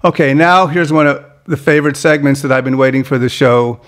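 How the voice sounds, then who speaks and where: A man hosting a podcast interview, chatty and halting, with many fillers and restarts. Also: fairly high pitch. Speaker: podcast host. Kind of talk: casual interview chat.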